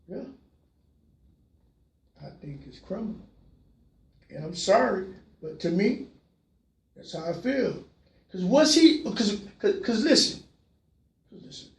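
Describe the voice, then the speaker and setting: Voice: creaky, distant mic. Passionate talk host in a roomy space. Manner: passionate, repeats phrases, swings from low murmurs to shouts. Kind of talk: call-in talk show monologue. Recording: roomy sound, voice from away from the mic.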